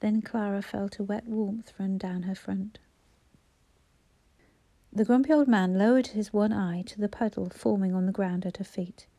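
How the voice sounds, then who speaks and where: A woman narrating an audiobook in a soft, even storytelling voice on a close mic. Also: medium pitch, normal speed.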